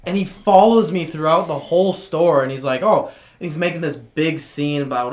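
A man's voice: a little high, normal speed. Young man rambling through a story. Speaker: podcast guest. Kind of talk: casual storytelling.

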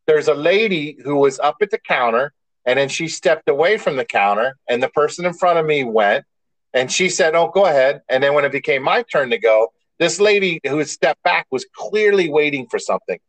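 A man's voice: on the high side, animated, a little fast, a bit bright, no echo, poor audio. A man co-hosting a podcast in casual chat, a rambling storyteller who restarts often and swears mildly. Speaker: podcast co-host.

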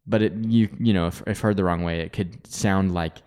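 A low-voiced man co-hosting a relaxed church conversation. He teases a little, and his sentences often stop and restart as he works through an idea aloud. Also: normal speed, smooth. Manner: teasing, thinks aloud with many restarts. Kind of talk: casual church podcast chat.

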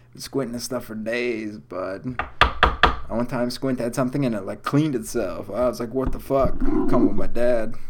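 A young man rambles through his solo podcast from a room at home, cursing freely and drifting from thought to thought. His voice sits at an ordinary middle pitch and his talk is loose and unhurried. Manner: profane, rambling, laid-back. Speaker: podcast host. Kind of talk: casual stoned solo podcast chat.

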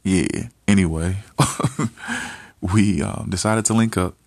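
A man's voice: low voice, takes it slowly, no room sound. A man hosting a couple's channel, telling a personal story in a laid-back, rambling way, full of "you know" and "like". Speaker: host.

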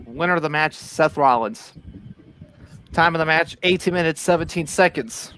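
A man co-hosting a podcast, reading out results from notes in a steady, announcer-like way. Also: a little high, moderate pace, slight background noise. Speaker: podcast co-host reading news.

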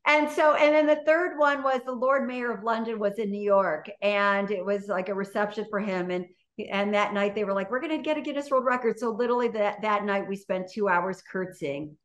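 A woman's voice: medium pitch, fairly even intonation, normal speed. A woman, a guest on an interview show, telling a story in a chatty, casual way full of "you know" and "like".

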